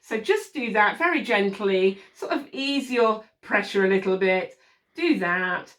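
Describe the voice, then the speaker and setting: A woman teaching parents a soothing technique for settling a baby, speaking calmly and patiently and demonstrating soft shushing. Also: mid-range voice, a little slow. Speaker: baby sleep consultant. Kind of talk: instructional demonstration. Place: room with a changing mat set up as a crib. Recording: voice from a distance from the mic.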